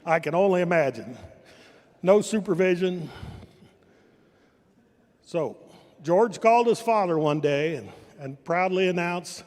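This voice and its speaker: A man's voice: high voice, expressive, a little slow, long pauses, a little mellow. Older man telling dry family stories in a hall. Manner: dry storytelling with self-corrections. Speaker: family member giving a speech. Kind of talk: humorous anecdotal speech. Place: event hall. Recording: reverberant hall.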